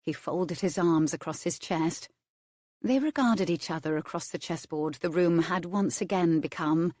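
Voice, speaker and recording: Brief: female audiobook narrator, low register, measured, expressive delivery, dry studio sound. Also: no room sound. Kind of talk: scripted romance narration.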